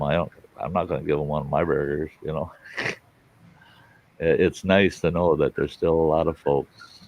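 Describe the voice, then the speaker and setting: Here the live stream host has a rumbling low, gravelly voice. He chats casually with his audience and tells meandering folksy stories, acting out people's dialogue, and the lo-fi sound comes across dull.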